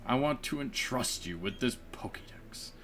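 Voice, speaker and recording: A stern, formal old professor speaks in measured, earnest sentences, as a man reads his lines aloud from a game. The voice is bright and lively in pitch. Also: in a whisper, faint music behind. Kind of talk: reading game dialogue aloud.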